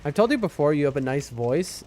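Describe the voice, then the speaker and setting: Chatty male streamer, slightly high voice. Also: big pitch swings, a little fast, slight background noise. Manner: chatty, reacts to gameplay and reads chat aloud. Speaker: game streamer. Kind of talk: casual live-stream chat while gaming. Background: loud game music.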